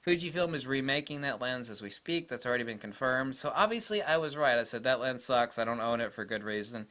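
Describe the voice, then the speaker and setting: A man's voice: medium pitch, lively intonation, a little fast, a bit bright. A man talking casually in an opinionated, digressive way as he reviews cameras at a table, now and then mocking imagined critics in exaggerated voices. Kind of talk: casual rambling camera vlog.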